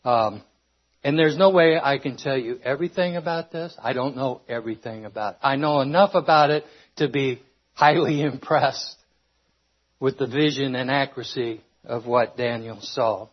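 A man's voice: mid-range voice, moderate pace. A man preaching a sermon, earnest, stopping and restarting as he reads scripture, a little out of breath. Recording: dull lo-fi recording.

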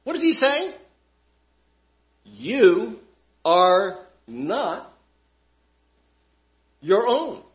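A man's voice: high voice, very animated, drawn-out words, long pauses. Emphatic preacher man, lo-fi recording. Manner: emphatic, rhetorical questions, swings loud and soft. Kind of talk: sermon. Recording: dull lo-fi sound.

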